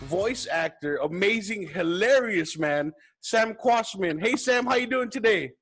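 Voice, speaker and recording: High-voiced husky male host. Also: lively intonation, measured pace, a bit bright, faint music behind. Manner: enthusiastic, complimentary. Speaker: podcast host. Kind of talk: casual interview chat.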